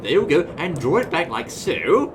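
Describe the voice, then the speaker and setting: A man giving comedic game commentary in an exaggerated mock-posh gentleman manner. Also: a little high, big pitch swings, moderate pace, noisy background. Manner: hammy mock-posh gentleman, "old chap" and "I say". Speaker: gameplay commentator.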